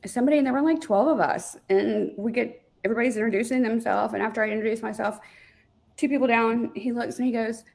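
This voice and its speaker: A woman with a gravelly, fry-tinged voice chats as an interview guest. She talks over a video call, telling stories in a casual, animated way and often pausing on fillers. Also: on the high side. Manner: chatty, animated storyteller with many fillers. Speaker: guest, real estate team leader.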